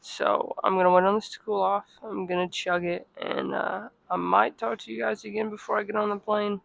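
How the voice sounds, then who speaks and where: A woman vlogging casually to her phone, chatty and self-deprecating, at times out of breath from walking fast outdoors in the cold. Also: mid-range voice, little pitch movement, creaky, no room sound, low-quality recording. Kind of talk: casual travel vlog to camera. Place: outdoors on cold city streets.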